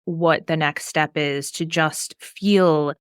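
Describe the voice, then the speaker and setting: A woman's voice: sits low, steady tone, slow pace, clear, resonant tone, no room sound, studio quality. A woman co-hosting a podcast, speaking in a thoughtful, reflective way. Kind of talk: podcast discussion.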